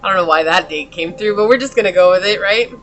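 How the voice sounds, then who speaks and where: A woman's voice: fairly low pitch, fast, low-quality recording. A woman giving a tarot reading in a chatty, casual way, talking straight to the viewer and laughing often. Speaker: tarot reader.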